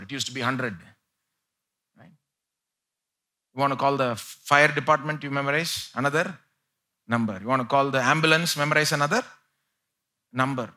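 A male pastor preaching a live church sermon, swinging between loud pleading and quiet asides. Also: mid-range voice. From India.

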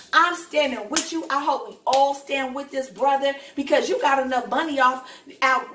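A woman's voice: high voice, sharp tone, echoey room, recorded from a distance. A woman in her home kitchen, venting to her viewers in a blunt, profane, angry rant. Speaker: vlogger. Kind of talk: heated rant to camera.

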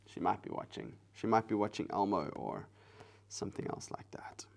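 A man hosting a live drawing stream, chatting casually with viewers in a soft, relaxed way while he works. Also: lowish voice, normal speed, vocal fry, in a whisper. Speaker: live-stream artist host.

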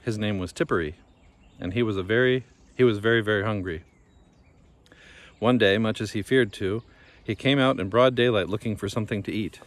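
A man reading a children's fairy tale aloud in a gentle, measured storytelling manner. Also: fairly low pitch. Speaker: storybook reader.

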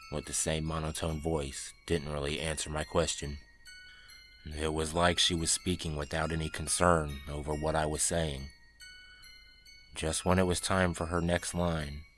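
A man's voice: very deep voice, fairly bright tone. A man narrating a scary first-person story in a tense, dramatic way. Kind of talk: scripted horror narration.

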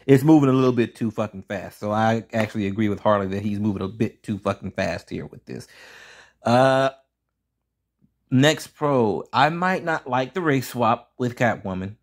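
A man reviewing a cartoon episode in a casual pros-and-cons video, blunt, profane and ranting. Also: fairly low pitch. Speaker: show reviewer.

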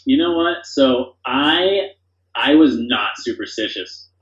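A man's voice: medium pitch, lively intonation, takes it slowly, a bit bright. A man as a podcast guest, talking casually and enthusiastically, rambling with lots of fillers. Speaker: podcast guest, company founder. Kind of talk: casual conversation. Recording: dull, roomy sound.

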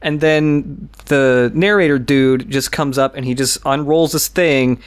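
A man's voice: mid-range voice, unhurried, clear, resonant tone. A young man co-hosting a podcast, casually telling a rambling story with laughs and swearing. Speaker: podcast co-host. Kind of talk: casual chat.

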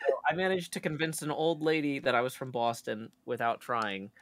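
A man with a gravelly edge to his voice, chatting loosely with a co-host. He wanders through long stories with lots of ums and restarts. His pitch sits in the middle for a man. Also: animated, a little fast. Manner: rambling storyteller, many fillers and restarts. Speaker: co-host on a stream. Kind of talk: casual chat.

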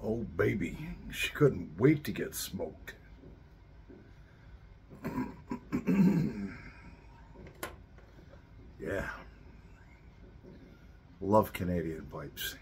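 Slow gravelly-voiced man savoring his pipe. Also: low voice, very animated, darkish tone, slight background noise. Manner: slow, savoring, murmured asides. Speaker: pipe smoking channel host. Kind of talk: slow relaxed vlog chat.

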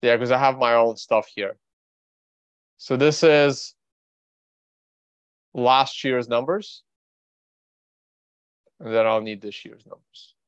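A Russian trader and show host talks slowly, pausing often, in a clear, resonant, medium-pitched voice. His casual market livestream is a blunt, offhand ramble as he thinks aloud. The sound is dry and slightly dull.

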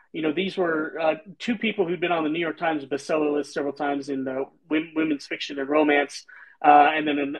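A man's voice: fairly high pitch, a bit bright, low-quality recording. A man writer hosting a book chat, telling rambling self-deprecating stories. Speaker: host, writer. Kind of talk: casual panel chat.

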